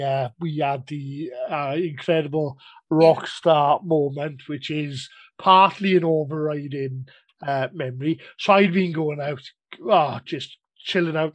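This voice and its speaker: A man's voice: on the high side, dry recording. A man with a British accent, reminiscing in a casual chat and often repeating his words.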